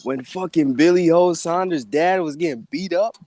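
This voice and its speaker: A man's voice: a little high, normal speed, mellow, no echo. A man in a casual chat, laid-back and swearing, saying bro often. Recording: noisy background.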